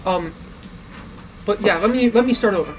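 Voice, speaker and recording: A woman's voice: mid-range voice, moderate pace, distant mic, faint music behind, rough recording. A woman playing a tabletop game, speaking politely and laughing often. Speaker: player. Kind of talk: casual tabletop play.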